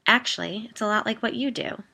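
A woman voicing a brisk, knowing woman friend. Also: a little high, gravelly, sharp tone, voice pushed up, heavily acted. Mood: matter-of-fact. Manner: firm and matter-of-fact.

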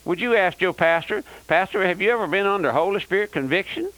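A man's voice: sits high, fast talker, fairly bright tone, no echo, rough recording. An older man preaching a fiery, emphatic radio sermon and repeating "that's right.". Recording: old radio broadcast.

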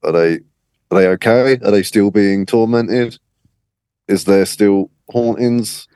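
A man's voice: fairly low pitch, slow, warm tone, clean tone, no room sound, studio quality. A man, a guest podcast host, musing and asking questions aloud in casual discussion.

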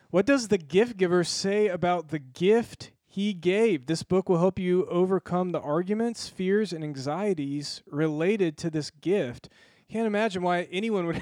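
A man's voice: a little high, no echo. A man co-hosting a casual podcast, presenting a book segment with playful, mock-formal intros.

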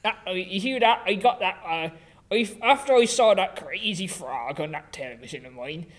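Rambling man with a higher voice. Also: expressive, normal speed, a bit bright. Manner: rambling, hesitant, many fillers. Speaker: comedy podcast performer. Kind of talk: improvised comedy.

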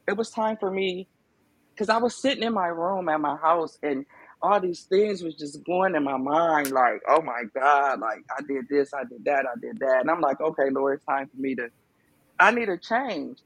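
Gravelly-voiced woman telling her story. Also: deep voice, no room sound. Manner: emphatic, conversational, lots of fillers. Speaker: podcast guest. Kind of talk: casual testimony.

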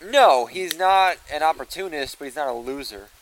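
A man's voice: on the high side, expressive, normal speed, a little hiss or hum. A man co-hosting a casual podcast in a cabin, with a laid-back, profane and mumbling way of talking. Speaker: podcast co-host.

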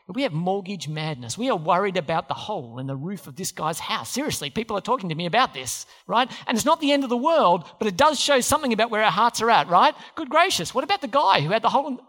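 A man's voice: high-pitched, big pitch swings, fast talker, hardly any pauses, a bit bright. A man preaching a sermon in a church, talking conversationally and quizzing the congregation with questions. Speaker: pastor. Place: church hall. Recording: hall reverb.

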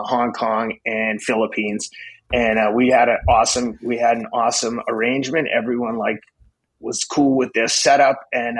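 A man in his fifties, a podcast guest, telling a story in a blunt, profane, excitable way. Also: mid-range voice, husky, rough recording. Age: 50s. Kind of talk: casual storytelling.

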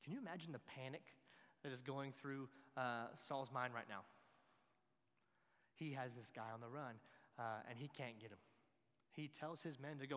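A man's voice: medium pitch, a little slow, pauses often, a bit bright. A man preaching a sermon in a conversational way, with joking asides to his listeners. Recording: long hall reverb.

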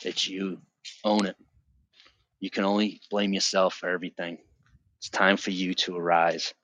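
A middle-aged man sharing his personal religious testimony on a podcast, earnest and vivid, often halting and restarting his sentences. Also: sits low, level tone, fairly bright tone, no room sound.

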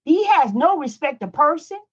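A woman's voice: high voice, very animated, normal speed, dull audio. A woman teaching a Bible study in a pleading preaching style, repeating lines for emphasis. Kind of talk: preaching sermon.

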